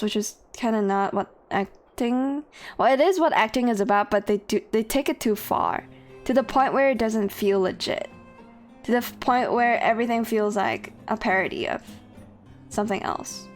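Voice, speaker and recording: A woman's voice: on the high side, moderate pace, faint music behind. A woman streamer chatting casually with her viewers while she plays, swearing freely. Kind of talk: casual gameplay commentary.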